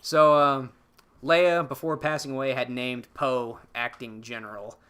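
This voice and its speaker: A man's voice: mid-range voice, level tone, measured pace, fairly bright tone, smooth. A young man on a podcast, recapping a film in a rambling, casual way, swearing freely. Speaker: podcast co-host.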